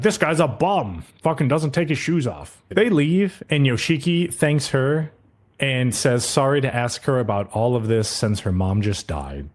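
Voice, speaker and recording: A man co-hosting a podcast, casually recapping an anime episode and retelling scenes with quick quoted asides. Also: medium pitch. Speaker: podcast co-host.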